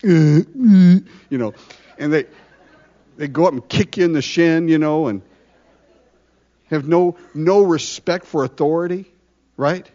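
A man preaching a conversational sermon, full of rhetorical questions and lively asides. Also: on the high side, a little slow, long pauses, highs cut off. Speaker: pastor.

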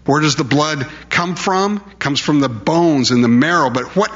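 A man's voice: a little high, moderate pace, lo-fi sound. A male preacher delivering a sermon in an emphatic, conversational way, full of rhetorical questions.

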